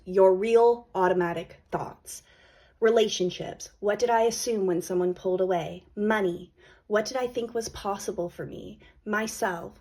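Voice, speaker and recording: Blunt, swearing woman with a breathy voice. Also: mid-range voice, a little mellow. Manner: blunt, emphatic, swears freely. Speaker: podcast host. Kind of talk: casual motivational monologue.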